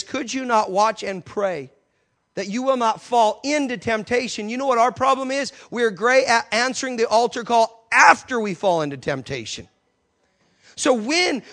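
A man with a high-pitched voice delivers a passionate sermon from the pulpit of a church. He swings between soft, confiding stretches and sudden loud bursts. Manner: passionate preaching with sudden loud outbursts and acted quotes. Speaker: pastor.

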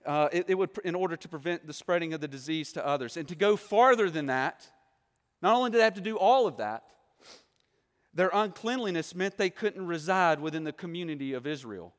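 A man's voice: fairly high pitch, lively intonation, a little fast. A man preaching a sermon, asking the listeners rhetorical questions and acting out the quoted voices. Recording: long hall reverb.

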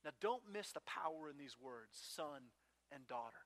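A man's voice: fairly high pitch, expressive, normal speed, fairly bright tone. A man preaching a sermon as a pastor, telling a personal story in a conversational way and often checking in with "right?".

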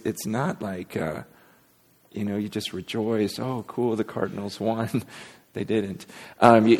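A pastor preaches to his congregation in a church sanctuary, his somewhat low, slightly mellow voice echoing through a large hall. He's open and rambling, self-deprecating, and often restarts what he's saying.

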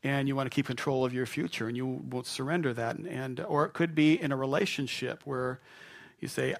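A man's voice: medium pitch, fairly even intonation, brisk, vocal fry. A male pastor preaching a sermon in a church, conversational and playful, acting out the voices of doubters. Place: church sanctuary.

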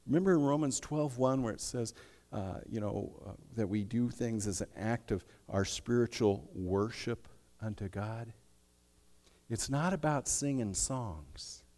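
Emphatic male preacher in a reverberant hall. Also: mid-range voice. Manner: emphatic, swinging from hushed to loud. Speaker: pastor. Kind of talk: sermon. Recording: long reverb of a large hall.

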